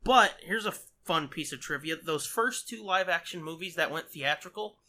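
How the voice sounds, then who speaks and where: A man's voice: on the high side, moderate pace, sharp tone. A man co-hosting a movie commentary, telling rambling, profane stories in casual chat. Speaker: podcast co-host.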